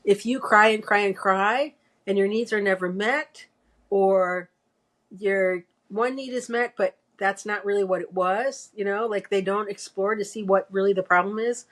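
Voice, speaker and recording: Woman with a mid-pitch voice walking through an idea, chatty and explaining. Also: steady tone, normal speed, fairly bright tone. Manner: explanatory, talks through ideas at length. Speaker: podcast co-host. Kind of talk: casual chat.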